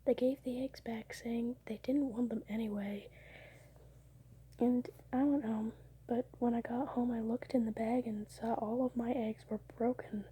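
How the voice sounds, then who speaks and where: A young woman whispering close to the mic at home late at night, telling her dreams in a soft ASMR style and now and then breaking into laughs. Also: a little high, fairly even intonation, a little slow, breathy edge. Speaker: ASMR creator.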